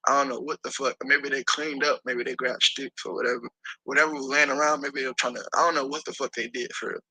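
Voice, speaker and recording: A man tells a story in a casual interview with a husky, strained voice. His tone is piercing and tense. He talks in an animated, profane way and acts out the people he quotes. The sound is dry and close. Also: mid-range voice, fast, dry recording, low-quality recording. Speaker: interview guest.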